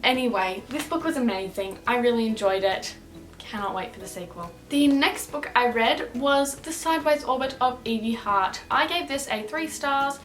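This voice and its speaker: Chatty Australian woman, higher voice. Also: animated, moderate pace, fairly bright tone. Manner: chatty, upbeat, rambling with fillers. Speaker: book vlogger. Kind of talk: casual book review vlog.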